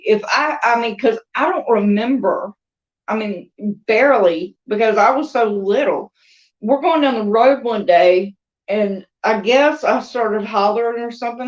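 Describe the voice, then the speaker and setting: Slow-talking Southern woman, chatty. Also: a little high, lively intonation, muffled recording. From American South. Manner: rambling, chatty, laughs between thoughts. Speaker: crochet and doll vlogger. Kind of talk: casual storytelling chat.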